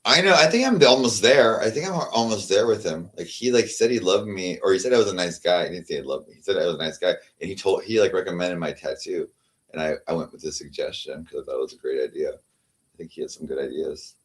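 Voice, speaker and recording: Deep-voiced man rambling on a livestream. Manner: halting, repeats words, trails off. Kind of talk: rambling casual livestream chat.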